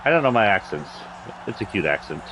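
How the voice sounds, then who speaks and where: Low-voiced man chatting while gaming. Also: big pitch swings, quick pace, noisy background. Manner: rambling, chuckling to himself, chatty with his cat. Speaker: game streamer. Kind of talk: casual live-stream chat.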